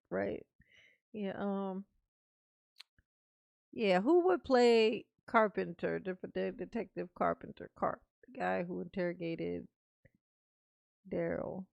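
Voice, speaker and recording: Woman streamer, casual live chat, slow and gravelly delivery, dry close sound, playful. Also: medium pitch, darkish tone, dry recording. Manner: playful, laughing, drawn-out musing. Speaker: livestream host reading chat.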